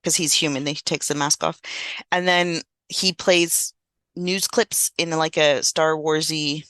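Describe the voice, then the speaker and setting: A woman's voice: low voice, fairly even intonation, measured pace, a bit bright, smooth, no room sound. A woman co-hosting a podcast, casually recapping a film plot with lots of fillers. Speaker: podcast co-host. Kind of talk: casual movie review chat.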